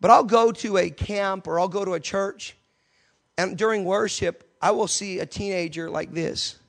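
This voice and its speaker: A man with a high-pitched voice delivers a passionate sermon from the pulpit of a church. He swings between soft, confiding stretches and sudden loud bursts. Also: normal speed, vocal fry. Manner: passionate preaching with sudden loud outbursts and acted quotes. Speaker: pastor.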